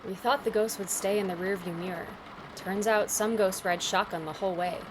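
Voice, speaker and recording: A determined young traveler, as a woman plays her, with a medium-pitched voice and an earnest, resolute delivery. A steady hiss runs audibly under her lines in this audio drama. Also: a little fast, close to an everyday voice. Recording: background hiss.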